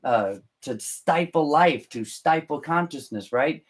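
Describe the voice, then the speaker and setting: A man hosting a podcast, explaining scripture in unscripted talk, halting and deliberate with frequent restarts. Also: fairly high pitch, animated. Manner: halting, many restarts and fillers, slow and deliberate. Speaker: podcast host.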